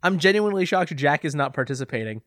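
Young male co-host, high-pitched, excitable, dry close mic. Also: quick pace, no echo. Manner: excitable, laughs often, swears. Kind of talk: casual movie reaction chat.

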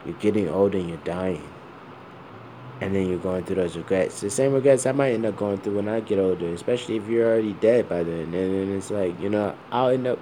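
A man's voice: on the low side, warm tone, a little hiss or hum. A man of around forty talking bluntly and with plenty of swearing in a rambling personal monologue, full of fillers and repeated asides.

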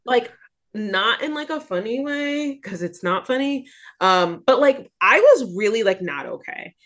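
A young woman talking candidly as an interview guest, animated and acting out her own thoughts. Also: a little high, unhurried. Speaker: guest, actress and singer. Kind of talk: casual interview chat.

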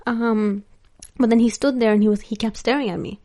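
Giggly young woman, slightly high voice. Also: steady tone, fairly quick, a little mellow. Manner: giggly, laughs often, many filler words. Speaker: vlogger. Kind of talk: casual storytelling.

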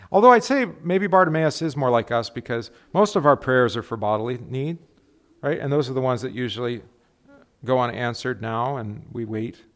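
Man teaching a casual Bible class. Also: mid-range voice. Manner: conversational, keeps checking in with tag questions.

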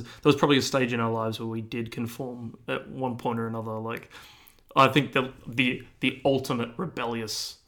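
A man's voice: medium pitch, gravelly, fairly bright tone. A young man co-hosting a podcast, chatting casually with lots of fillers and restarts. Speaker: podcast co-host. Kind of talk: casual chat.

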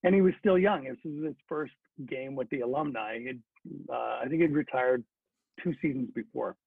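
A man's voice: mid-range voice, moderate pace, gravelly, husky, no echo. A middle-aged man who is a former hockey player, telling a story in a chatty, casual way with many fillers and restarts. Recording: dry phone-like sound.

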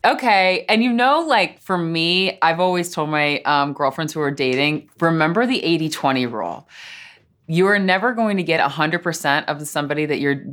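A woman's voice: deep voice, normal speed, fairly bright tone. A woman hosting a podcast, gushing and affectionate with her guest, who also reads the show's closing plugs. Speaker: podcast host. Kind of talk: interview and scripted outro.

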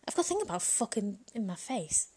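A woman's voice: medium pitch, very animated, a little fast, a little mellow, breathy edge. Bawdy woman rambling. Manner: frank, bawdy, chatty, laughs often. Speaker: vlogger. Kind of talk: comedic rambling monologue.

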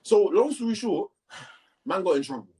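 A young man with telling a school story in casual chat, animated and laughing as he acts out both sides. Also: high-pitched, moderate pace, recorded from a distance.

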